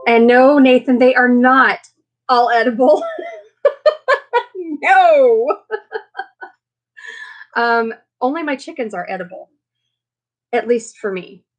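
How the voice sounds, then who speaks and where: This livestream host is a woman whose voice sits on the high side, delivered at a normal pace. She's been ill and is still getting over it, so she sounds tired and emotional while she chats casually and rambles, filling gaps with ums and likes.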